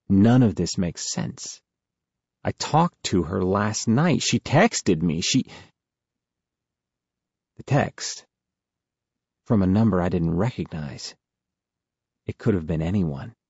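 A man narrating a first-person novel as an audiobook in a steady, measured way. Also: deep voice, breathy edge, no echo, highs cut off.

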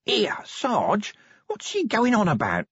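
A man's voice: high voice, huge pitch swings, takes it slowly, fairly bright tone, husky, dry recording, lo-fi sound, voice pushed up, exaggerated voice. A man voicing a dim, scruffy watch corporal who asks puzzled questions, in an audiobook. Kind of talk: audiobook character voice.

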